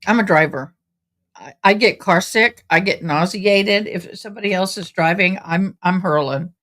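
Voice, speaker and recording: A woman's voice: fairly low pitch, normal speed, fairly bright tone. A tired woman, chatting casually and rambling to viewers on a home livestream. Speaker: livestream host commenting on a trial.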